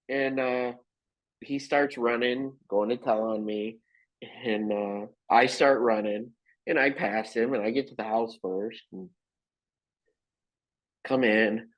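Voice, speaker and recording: A man sits in as a podcast guest and tells rambling stories, stopping for fillers and laughing often. He talks at an unhurried, drawn-out pace in a middle-pitched voice. The sound is dull and lo-fi. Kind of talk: casual storytelling chat. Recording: muffled lo-fi podcast audio.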